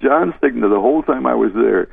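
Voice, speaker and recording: This older man, once a disc jockey, chuckles and rambles while recounting stories in a reminiscing interview. He talks briskly in a mid-range voice with lively intonation, vocal fry, and slight roughness. The sound is dry and tinny, as from a phone line.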